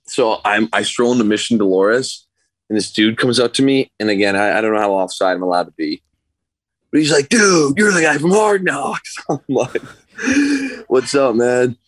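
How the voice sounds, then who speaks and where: A man, a guest on a podcast, telling a story in a casual, animated way and acting out what other people said. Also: lowish voice, normal speed, dry recording, low-quality recording. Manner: animated anecdote teller, acts out other people's lines. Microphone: remote call.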